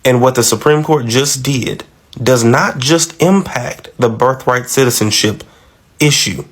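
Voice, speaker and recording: A man's voice: medium pitch, a little slow. Emphatic man explaining on camera. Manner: emphatic, repeats key points. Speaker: commentator. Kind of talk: explanatory social media commentary.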